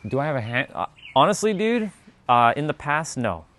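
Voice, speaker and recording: A man's voice: fairly high pitch, sing-song, moderate pace, fairly bright tone. A man chatting casually and reading out viewer comments, rambling with many fillers and laughing easily.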